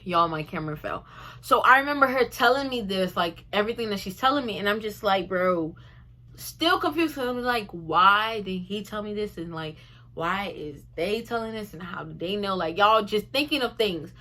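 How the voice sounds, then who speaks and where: A young woman telling a storytime in a chatty, animated way, often addressing her viewers directly. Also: mid-range voice, normal speed. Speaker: vlogger. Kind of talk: casual storytime vlog.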